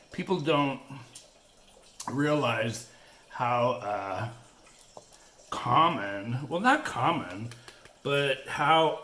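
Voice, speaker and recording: A man's voice: medium pitch, a bit bright, echoey room, a little hiss or hum. A middle-aged man chatting casually to viewers while he works on a diamond painting, rambling and laughing often. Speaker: crafting channel host.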